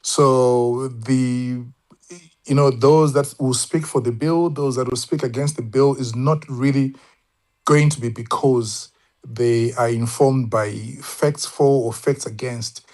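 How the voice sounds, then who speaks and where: A man's voice: mid-range voice, steady tone, slow, a little mellow. A man speaking on a casual online panel, thoughtful and hesitant, with many fillers and restarts. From Zimbabwe. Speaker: panel guest.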